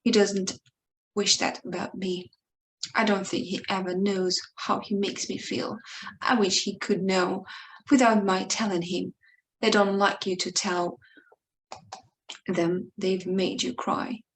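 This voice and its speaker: Slow, pleading woman reading a story aloud. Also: mid-range voice, level tone, a little hiss or hum, rough recording. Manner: emotional, pleading reading with frequent small slips and restarts. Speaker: English teacher reading a short story aloud. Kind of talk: expressive dramatic reading of a monologue.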